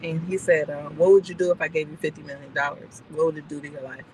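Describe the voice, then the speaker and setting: A woman driving instructor chatting casually in a moving car, telling stories and acting out the voices in them between calm, brief driving instructions. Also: low voice, fast talker, slight background noise, low-quality recording. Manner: animated storyteller who acts out the voices in her stories. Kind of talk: casual chat during a driving lesson.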